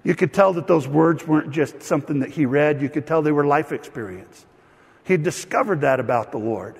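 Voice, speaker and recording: Male pastor, slightly high voice with gravel, animated storyteller, long hall reverb. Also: a little fast. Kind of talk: sermon.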